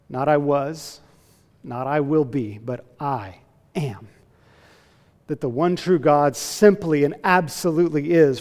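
A man preaching a sermon as a pastor, earnest and emphatic, slowing down to stress key phrases. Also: fairly high pitch, a little mellow, in a large hall.

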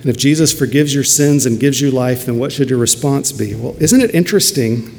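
Earnest preacher in an echoing hall. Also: male voice, medium pitch, fairly quick, gravelly, darkish tone, slight background noise. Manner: earnest, rises to emphatic peaks. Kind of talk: sermon. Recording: long hall reverb, faint ambience.

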